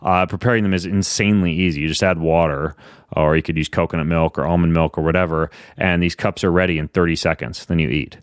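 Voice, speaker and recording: A man's voice: deep voice, fairly even intonation, quick pace, clean tone, no room sound, studio quality. A man hosting a podcast, reading sponsor ads casually with quirky, self-mocking jokes. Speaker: podcast host. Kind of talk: casual podcast intro and ad read.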